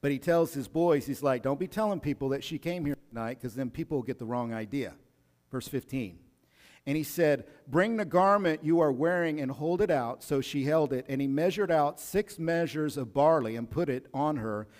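A man's voice: a little high, normal speed, darkish tone, big-room sound. A male pastor preaching a sermon in a casual, slangy way, sometimes acting out the people he talks about.

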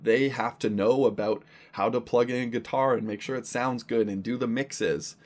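A man's voice: medium pitch, steady tone, normal speed, a little mellow. A man, a pastor, talking earnestly and casually in an interview. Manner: earnest, conversational, thinks aloud.

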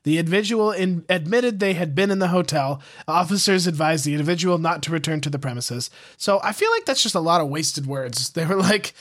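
A man's voice: a little high, animated, brisk, hardly any pauses, fairly bright tone. A man co-hosting a casual talk show, reading police reports aloud and joking about them. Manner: reads reports then jokes about them.

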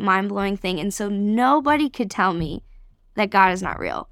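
A woman from Canada telling an emotional personal testimony as a podcast guest, earnest and excited. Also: mid-range voice, moderate pace, no echo, studio quality. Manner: earnest, excited storytelling with many fillers.

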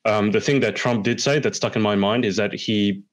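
A man co-hosting a casual chat show, reading viewer comments and telling stories with lively emphasis. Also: moderate pace. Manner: animated storyteller, rising pitch when acting out quotes. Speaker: podcast host.

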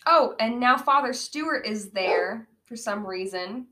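A woman's voice: on the high side, animated, unhurried, sharp tone, low-quality recording. A woman co-hosting a casual podcast, rambling through a bad movie's plot with many fillers and frequent laughs. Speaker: podcast co-host. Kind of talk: casual movie-riffing chat.

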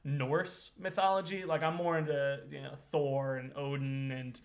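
A man's voice: medium pitch, little pitch movement, measured pace. A man co-hosting a podcast in casual chat, rambling with lots of fillers and frequent laughs. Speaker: podcast co-host.

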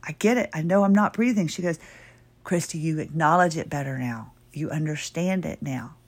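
A middle-aged woman hosting her own podcast, chatty and rambling with sudden excited bursts, while her voice is giving out. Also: low-pitched, normal speed. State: losing her voice. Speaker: podcast host. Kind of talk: casual solo podcast talk.

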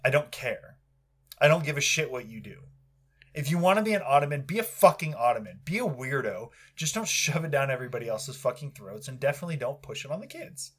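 A man's voice: medium pitch, fairly bright tone. Give me a young man ranting angrily, swearing constantly, heated and aggressive. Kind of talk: profane angry rant.

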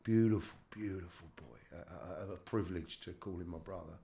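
A middle-aged man from London with a London accent, a guest in a candid interview, talking haltingly with casual slang and repeated words. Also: low voice, creaky, mellow. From London, England. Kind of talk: candid life-story interview.

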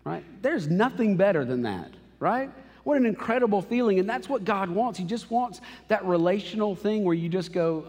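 A man's voice: high-pitched, animated, moderate pace, darkish tone. A man in his thirties, a pastor, preaching a conversational and emotional sermon in a church auditorium. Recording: reverberant hall.

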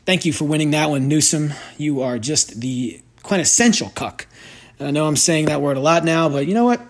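The host of a sports betting podcast, who is also a sports bettor, goes on a sarcastic, profane, rambling rant at his desk. He uses a new sensitive microphone. His voice is on the high side and his delivery is brisk.

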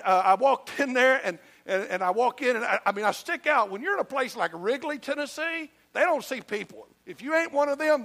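High, gravelly Southern pastor preaching. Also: male voice, bright, forceful tone. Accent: Southern US (Georgia). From Georgia, US. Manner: folksy, emphatic, storytelling with humor. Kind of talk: sermon.

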